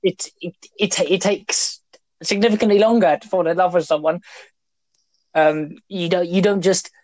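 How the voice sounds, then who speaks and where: Rambling young British woman, low voice. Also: steady tone, normal speed, a little mellow, dry recording. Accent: British English. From Britain. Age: young adult. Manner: rambling and joking, with many fillers and restarts. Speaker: podcast host. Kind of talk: casual chat.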